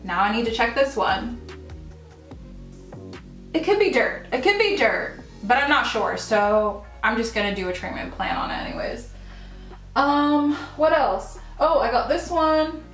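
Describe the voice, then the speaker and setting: A woman's voice: a little high, very animated, unhurried, fairly bright tone, echoey room, faint music behind. A woman chatting casually and gushing about her houseplants at home, with frequent ums and little laughs. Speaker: plant vlogger. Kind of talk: casual haul video chat. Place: home room full of houseplants.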